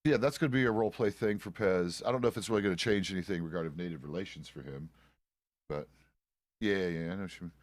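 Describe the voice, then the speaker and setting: Speaking low-pitched and at a quick pace, a middle-aged roleplay streamer rambles through some casual chat out of character, easygoing and full of swearing. There's no echo.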